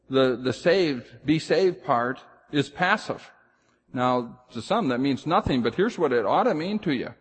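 A pastor preaching a sermon with emphasis, rising loud on key phrases and dropping low and slow to drive points home. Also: male voice, husky, in a large hall.

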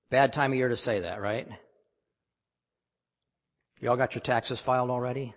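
A man's voice: medium pitch, steady tone, moderate pace, pauses often. A man preaching a sermon, emphatic and often questioning the congregation. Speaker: pastor. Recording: long hall reverb.

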